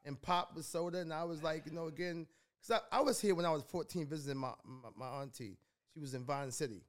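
A man's voice: fairly high pitch, fast talker. A middle-aged man from New York, a podcast guest telling rambling stories in a laid-back way with lots of restarts. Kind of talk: casual storytelling in a podcast interview.

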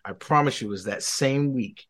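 A man, a podcast guest, giving a personal faith testimony as an animated storyteller who restarts his sentences often. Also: mid-range voice, normal speed.

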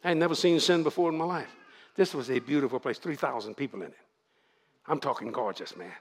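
A man in his seventies with a Louisiana Cajun accent, preaching to a congregation in a folksy, animated storytelling way. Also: medium pitch, fast, breathy edge.

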